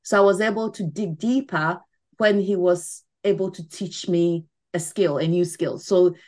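A woman's voice: fairly low pitch, unhurried, darkish tone. A middle-aged woman speaking as a podcast guest, explaining things earnestly in a casual interview and often adding "you know". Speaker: podcast guest, mental wellness ambassador.

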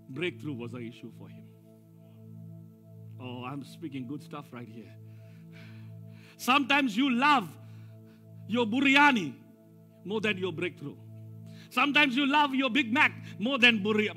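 A man preaches a sermon. His voice sits very high and sounds sharp and bright, and he calls on the congregation to answer him. Faint music plays behind him. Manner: preaching with call-and-response, rising to shouts then dropping low. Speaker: pastor. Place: church service.

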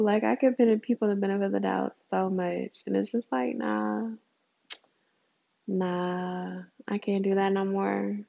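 Chatty woman with a gravelly edge. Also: measured pace. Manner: chatty, addresses listeners as girl and y'all; expressive, swoops high for emphasis. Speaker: podcast host. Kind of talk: casual solo audio journal chat. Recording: muffled lo-fi recording.

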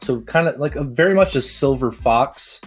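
Excitable young man rambling casually. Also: medium pitch, moderate pace, husky, soft background music. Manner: rambling, filler-heavy, excitable. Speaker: tabletop game player. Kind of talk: casual chat.

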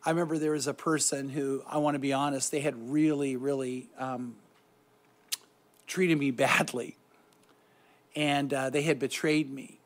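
A middle-aged man giving a reflective devotional talk on meditation, soft-spoken and often trailing off quietly. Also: mid-range voice, level tone, unhurried, pauses often. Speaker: Christian speaker guiding meditation.

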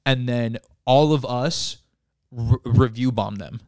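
A man telling a story in a casual podcast chat, profane and animated, acting out the people he quotes. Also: medium pitch, takes it slowly, no echo, clean studio sound. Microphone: handheld mic.

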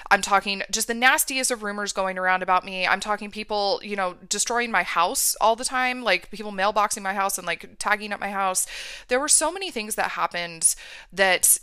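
A woman's voice: mid-range voice, normal speed, sharp tone, smooth, dry recording, studio quality. A woman hosting a podcast, telling a personal story in an emphatic, candid way. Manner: emphatic, candid, acts out remembered dialogue. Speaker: podcast host.

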